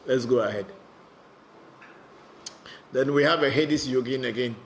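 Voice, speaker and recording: A man's voice: mid-range voice, unhurried, slight background noise. A man, a spiritual teacher, answering viewer questions in a live online session, talking bluntly and often repeating words as he goes.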